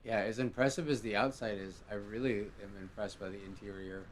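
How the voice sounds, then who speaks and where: A man hosting a live game show stream, talking casually in a relaxed, rambling way with many fillers. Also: fairly low pitch, brisk, a little hiss or hum.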